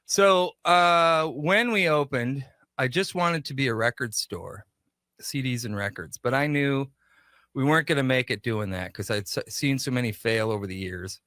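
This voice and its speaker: A man's voice: medium pitch, normal speed, no room sound, studio quality. A man, a shop owner and guest on a radio show, telling a story in a casual interview and acting out the voices of the people in it. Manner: animated, acts out quoted dialogue.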